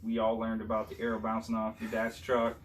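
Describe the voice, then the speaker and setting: A man's voice: on the low side, monotone, fairly quick, far from the mic, slight background noise. Man asking questions from off-mic. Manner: prompting, informal, many fillers. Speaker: son interviewing his father. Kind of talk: casual conversational interviewing.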